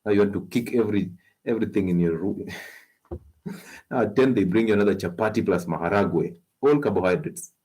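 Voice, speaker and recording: Husky low-voiced Kenyan man. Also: fairly quick. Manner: animated, coaxing, laughs often. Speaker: health show host. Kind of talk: live-stream health advice talk.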